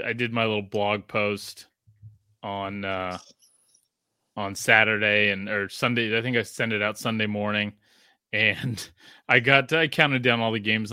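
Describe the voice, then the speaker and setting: A man's voice: fairly low pitch, bright, forceful tone, clear, resonant tone, dry recording, clean studio sound. A man who grew up in Australia, in his thirties, hosting a casual podcast and rambling with frequent restarts. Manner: rambling, self-interrupting, laughs often. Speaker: podcast host.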